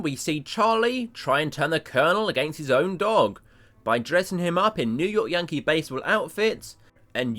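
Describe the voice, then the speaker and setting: A man narrating a cartoon review video with animated, self-deprecating jokes. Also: high voice.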